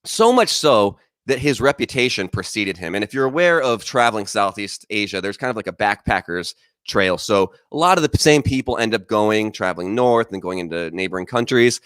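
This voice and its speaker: A man's voice: on the low side, animated, brisk, few pauses, a bit bright, smooth, no echo, clean studio sound. A man doing wry, self-deprecating stand-up comedy over a video call from his quarantine room into a microphone.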